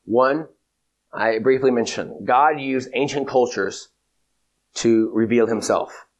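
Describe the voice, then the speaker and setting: A man giving a theology lecture in a measured, emphatic way, repeating his key points. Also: mid-range voice. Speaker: teacher.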